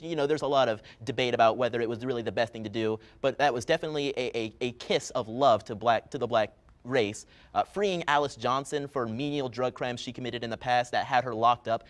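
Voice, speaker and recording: Quick-talking man listing his points. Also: mid-range voice. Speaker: debater. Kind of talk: argumentative debate.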